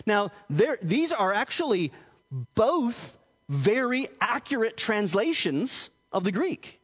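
A man's voice: sits high, very animated, unhurried. A man as pastor giving a teaching sermon, explaining earnestly and often restarting his words. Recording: hall reverb.

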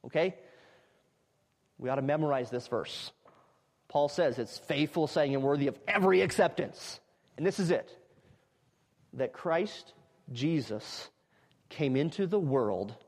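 A man preaching an expository sermon, emphatic, repeating phrases and building to loud climaxes. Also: fairly high pitch, long reverb tail.

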